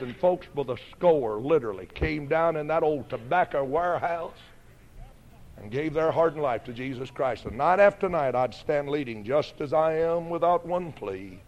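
A man, a song leader and preacher giving an emphatic sermon testimony with building repetition. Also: on the high side. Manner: emphatic, repetitive, rising to fervent peaks.

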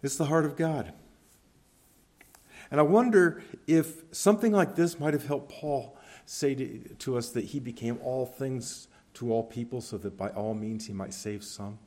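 A man preaching a sermon as pastor, earnest and emphatic, his voice swinging between forceful peaks and quiet low stretches. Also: measured pace.

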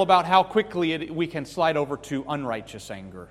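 A man preaching a sermon with earnest emphasis, rising to loud peaks and falling back to soft, pleading lines. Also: a little high, sing-song, a little fast, hardly any pauses. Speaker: pastor. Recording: long reverb of a hall.

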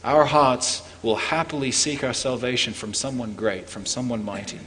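A man preaching a Christmas sermon as pastor, earnest, climbing for emphasis and falling low and quiet on key points. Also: fairly even intonation, normal speed, in a large hall, slight background noise. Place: church.

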